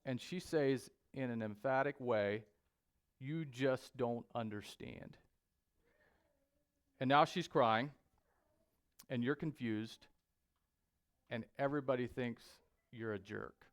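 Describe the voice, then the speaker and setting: Guy preaching a sermon real slow, lots of pauses and ums, mid pitch. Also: clear, resonant tone. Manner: slow and deliberate with frequent pauses and fillers. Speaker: pastor. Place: church sanctuary.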